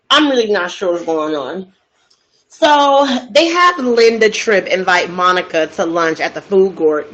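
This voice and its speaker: A woman host telling a story in a casual, gossipy way, chatty and expressive, asking many rhetorical questions. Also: on the high side, rough recording.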